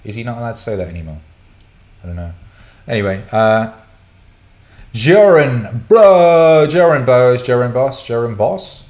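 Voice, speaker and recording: A man's voice: fairly low pitch, fairly quick, darkish tone. A middle-aged man hosting a casual livestream Q&A, blunt and sweary as he rants and answers chat questions. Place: indoor room. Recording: roomy echo.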